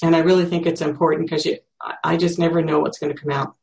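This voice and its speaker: A speaker in their sixties, teaching by demonstration, talking slowly and reflectively, searching for words and thinking aloud with pauses. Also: mid-range voice, flat delivery, creaky, a little mellow. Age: 60s. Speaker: teacher demonstrating self-empathy.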